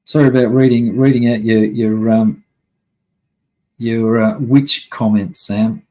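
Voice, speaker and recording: A man's voice: medium pitch, fairly even intonation, a little slow, mellow, low-quality recording. A man hosting a live stream, ranting angrily at his chat with constant swearing. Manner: heavy swearing, angry and blunt. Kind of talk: casual live-stream rant.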